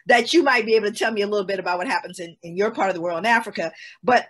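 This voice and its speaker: A woman's voice: mid-range voice, racing, fairly bright tone. A woman, giving an emphatic, storytelling talk as a guest speaker on a webinar. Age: 60s. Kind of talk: lecture-style webinar talk.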